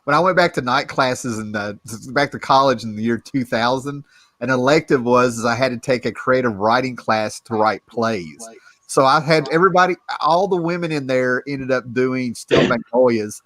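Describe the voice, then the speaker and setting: A man's voice: medium pitch, normal speed, fairly bright tone, no echo. A man co-hosting a live show, chatting casually and telling stories while laughing through his lines.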